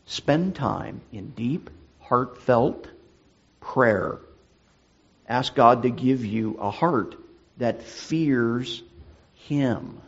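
A middle-aged male pastor with a husky voice, preaching a sermon in an earnest, deliberate way. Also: mid-range voice, animated, dull audio.

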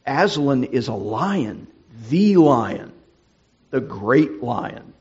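A man's voice: sing-song, very slow, darkish tone, husky, lo-fi sound, exaggerated voice. A man voicing a stern, proud male talking beaver in a storybook read-aloud. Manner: stern, booming storybook reading.

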